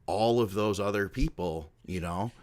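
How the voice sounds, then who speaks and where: A man's voice: fairly low pitch, a little slow, darkish tone. A middle-aged man co-hosting a podcast, reminiscing in casual chat and rambling with many filler words. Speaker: podcast co-host.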